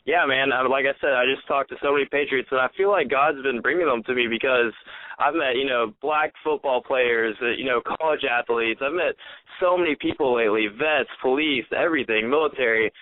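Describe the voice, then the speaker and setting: A man's voice: medium pitch, a little fast, dry recording. Male caller, nasal with a cold, casual and eager, heard over a tinny phone line. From American South. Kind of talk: call-in radio talk.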